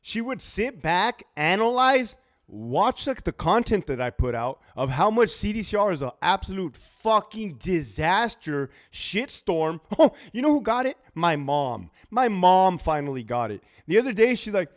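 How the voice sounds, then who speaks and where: A man with a somewhat high voice rants on a casual livestream. His talk is blunt and full of profanity, and he laughs often between lines. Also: very animated, measured pace. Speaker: livestream host, former prison officer.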